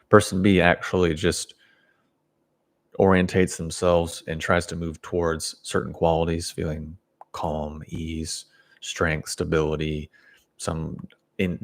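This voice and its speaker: A man talking as a self-development teacher in a casual monologue, blunt and opinionated, rambling with restarts and short chuckles. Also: deep voice.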